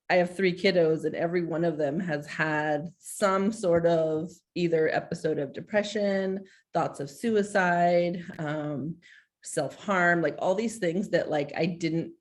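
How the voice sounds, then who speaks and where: A woman in her forties speaks on a video call in a candid, heartfelt way, with her words full of filler likes. Her voice sits a little low for a woman. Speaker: school social worker. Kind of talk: casual video-call presentation.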